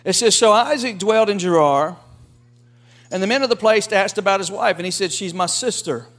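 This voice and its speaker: A man preaching a sermon in a lively, folksy way, acting out quotes from the story. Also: high-pitched, brisk. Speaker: pastor.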